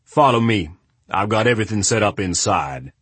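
A man voicing a short, gruff middle-aged homeowner who speaks bluntly and with command, in an audiobook. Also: on the low side, animated, normal speed, fairly bright tone, no echo. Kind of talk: audiobook character voice.

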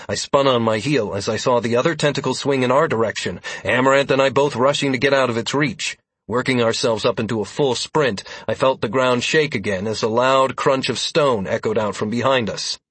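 Casting: husky male narrator, steady dramatic fantasy audiobook reading, close and dry. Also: mid-range voice, moderate pace, dry recording.

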